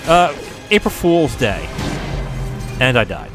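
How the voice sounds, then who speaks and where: Animated man hosting a gaming podcast. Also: fairly high pitch, unhurried, pauses often, music in the background. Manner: animated storytelling, swearing, laughing at himself. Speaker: podcast host. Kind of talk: casual chat.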